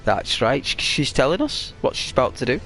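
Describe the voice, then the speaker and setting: A sleepy man giving rambling, musing commentary over a relaxed gameplay video. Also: medium pitch, fairly quick, soft background music. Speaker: channel host.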